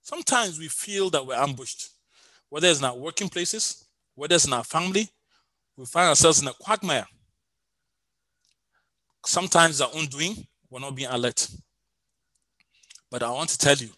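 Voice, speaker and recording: A man's voice: a little high, bright, forceful tone, dry recording, rough recording. A man preaching a sermon with emphasis, repeating his key phrases and rising into sung lines.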